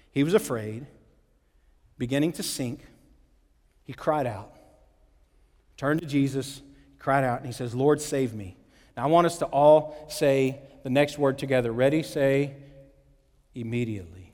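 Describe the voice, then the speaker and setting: A man's voice: normal speed, pauses often. Preacher man in a reverberant hall. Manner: animated, acts out quotes with shifting pitch and volume. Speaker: pastor. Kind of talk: sermon. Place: church sanctuary.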